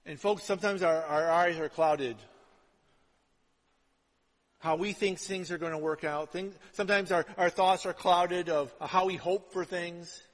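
A man's voice: high-pitched, steady tone, unhurried. A man preaching a sermon as pastor, chatty and informal, often asking the congregation "right?" to check they follow. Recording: long hall reverb.

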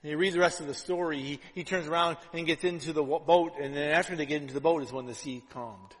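Man, pastor, sermon, slightly high voice, loud-to-hushed swings, long hall reverb. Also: quick pace. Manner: conversational preaching full of "right?" asides.

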